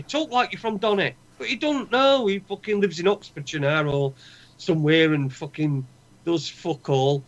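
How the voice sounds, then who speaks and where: A man's voice: on the high side, normal speed. A man with a Northern English accent co-hosting a podcast, ranting with heavy swearing and strong opinions. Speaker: podcast co-host. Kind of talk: casual chat. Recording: dull lo-fi sound.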